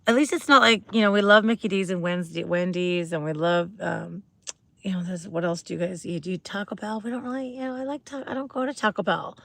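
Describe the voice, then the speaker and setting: A woman's voice: fairly low pitch, quick pace, vocal fry, a bit bright, dry recording. A woman hosting a casual livestream, chatting bubbly and rambling with viewers, greeting them and asking questions. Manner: rambling, with many fillers and restarts. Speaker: livestream host.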